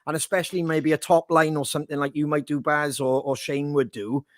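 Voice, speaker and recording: Bloke on a podcast, a bit high voice, dry close sound, swears a lot, gets excited telling stories. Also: male voice, fairly quick, no room sound. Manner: swearing, animated storytelling with impressions. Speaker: band member co-hosting podcast. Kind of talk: casual chat.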